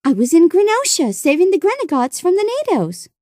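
A woman voicing a young girl who talks in an earnest, soft-spoken, apologetic way. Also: very high-pitched, wildly swooping pitch, a little fast, dry recording, studio quality, pitched above the performer's own voice, full character voice.

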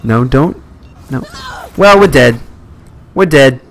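A man's voice: medium pitch, lively intonation, slow pace, a bit bright. A young man commentating a live horror game stream, jumpy and swearing at scares. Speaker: let's play streamer.

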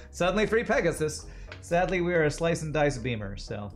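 A man streaming a game, joking casually and reading viewers' chat comments out loud. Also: fairly high pitch, big pitch swings, moderate pace, soft background music. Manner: jokey, reads chat aloud.

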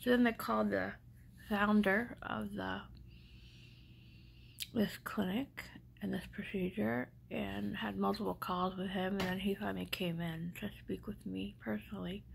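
A woman's voice: medium pitch, fairly even intonation, unhurried, gravelly, a little hiss or hum, rough recording. A middle-aged woman vlogger speaking without teeth, telling a personal story in an emotional, rambling way that often drops to a whisper.

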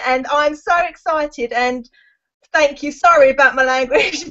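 A woman gushing with excitement about a new business in a casual online hangout. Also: high voice, a little slow. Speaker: guest marketer. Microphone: video call. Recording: dull lo-fi web call audio.

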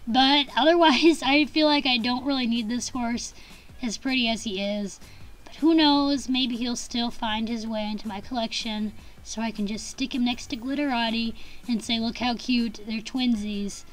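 A young woman with a slightly high voice talks through her collection in a loose, rambling vlog. She gushes and giggles, trips over her words and restarts her sentences often. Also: poor audio. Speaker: collector vlogger. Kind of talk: casual rambling review.

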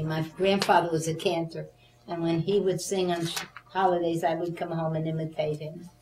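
Slow, unhurried woman in her eighties, roomy echo. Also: low-pitched, a little mellow. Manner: playful sing-song recitation, chatty reminiscing. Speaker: oral history interviewee. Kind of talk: oral history interview with a recited comic poem. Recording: roomy echo, faint background noise.

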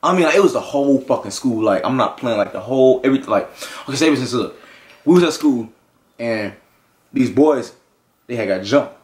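A young man with a medium-pitched, darkish voice performs an animated, brisk horror comedy skit. His storytelling gives way to panicky outbursts laced with profanity.

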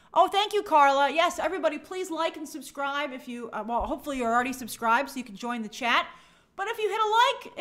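High-pitched gushy woman reading out chat comments on her stream, trips on names a lot. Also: fairly bright tone. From New York. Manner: bubbly, gushing, stumbles over names. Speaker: livestream host. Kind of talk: casual live chat reading viewer comments.

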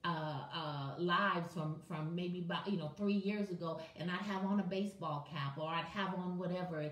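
A woman's voice: lowish voice, moderate pace, roomy sound, recorded from a distance. A woman preaching to her viewers on a morning live stream, impassioned and conversational, calling on people by name. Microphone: webcam or phone on a live video.

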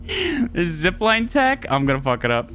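A streamer giving live gameplay commentary, excitable, laughing often, swearing and talking to chat. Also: medium pitch, moderate pace.

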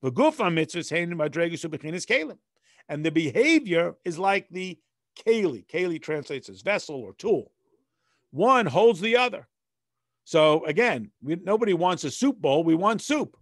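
A man's voice: a little high, big pitch swings, moderate pace, no echo, studio quality. A man, a rabbi, leading a text study class. He reads passages in Hebrew and explains them in plain, conversational English with everyday analogies. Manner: conversational, patient teacher.

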